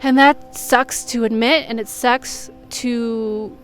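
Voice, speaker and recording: High-voiced woman, earnest and confessional. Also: steady tone, slow. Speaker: intuitive healer and reader. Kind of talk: candid personal vlog talk. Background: faint music from a neighbor.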